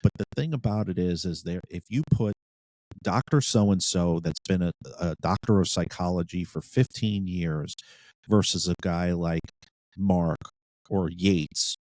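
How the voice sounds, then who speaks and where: A man's voice: low-pitched, measured pace, darkish tone, no echo. A man who was a police sergeant, co-hosting a podcast and telling blunt, profane stories about police work. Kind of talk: casual podcast chat.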